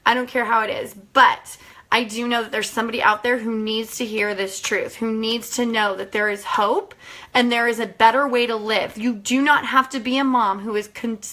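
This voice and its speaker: A woman's voice: on the high side, sharp tone. A woman in her thirties, a mom sharing a personal health testimony in a casual, earnest, chatty way, teary at times. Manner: chatty, earnest, emotional and laughing.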